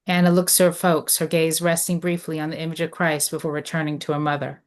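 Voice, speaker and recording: A woman reads stage directions aloud in a low voice. Her delivery is measured and descriptive, setting each scene plainly. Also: flat delivery. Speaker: narrator reading stage directions. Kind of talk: script read of stage directions.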